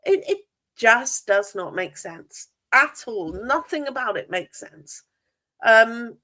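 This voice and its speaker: Woman, livestream host, true crime talk, incredulous, emphatic, pitch a bit high. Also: fairly bright tone. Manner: incredulous, emphatic, asks many questions. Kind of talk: true crime discussion stream.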